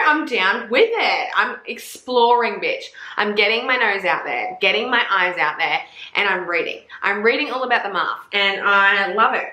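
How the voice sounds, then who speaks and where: Bright-voiced Australian woman in an echoey room. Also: mid-range voice. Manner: chatty, swears freely, playful and blunt. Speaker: book vlogger. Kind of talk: casual chat.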